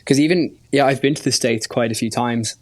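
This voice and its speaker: A man's voice: mid-range voice, fairly quick, no echo. A man with an Irish accent, a guest hairstylist chatting in an easygoing, wry way. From Ireland. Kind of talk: casual chat.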